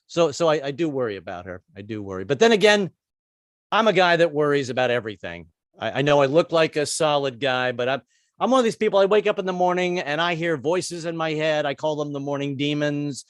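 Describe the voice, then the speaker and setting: A man's voice: on the high side, a little fast, no echo, studio quality. Stammering comedian in his sixties. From United States. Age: 60s. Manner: rambling, stammering restarts, self-deprecating. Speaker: stand-up comedian. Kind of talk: stand-up comedy set.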